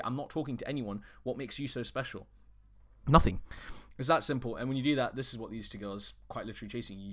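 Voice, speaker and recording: A man giving dating advice as a coach, blunt and swearing often, with frequent restarts. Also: medium pitch. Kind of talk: casual direct-to-camera advice.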